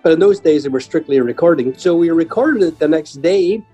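An older man, a guest musician, telling humorous stories in a chatty, lively way. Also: on the high side, brisk, slightly rough, faint music behind, low-quality recording. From Ireland. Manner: chatty, humorous anecdotes with lively voiced quotes. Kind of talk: conversational storytelling.

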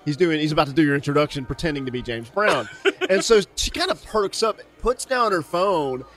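A man hosting a podcast, telling a story in casual conversation, animated and laughing often. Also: on the high side, brisk, faint music behind. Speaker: podcast host.

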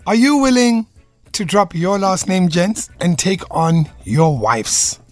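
A man hosting a radio talk show, quizzing his co-hosts in an animated, playful way. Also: high voice, slow, no room sound, soft background music. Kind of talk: casual radio chat.

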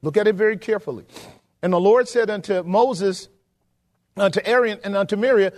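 A middle-aged pastor preaching a sermon in a church, asking the congregation questions and building to emphatic peaks. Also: male voice, sits high, brisk. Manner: call-and-response preaching, rising to emphatic peaks. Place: church sanctuary.

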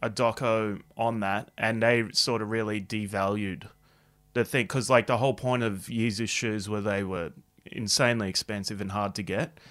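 A man's voice: lowish voice, steady tone, moderate pace, a bit bright. A man, co-hosting a casual gossip podcast and telling stories in a laid-back way, with the odd swear. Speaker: podcast co-host.

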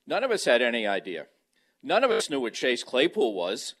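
A man's voice: mid-range voice, huge pitch swings, normal speed, a bit bright. A man talking football as a radio guest from his home, rambling with many restarts, on a handheld microphone. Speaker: guest on sports talk radio. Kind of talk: casual sports talk over a remote mic. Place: at home, beside a kitchen.

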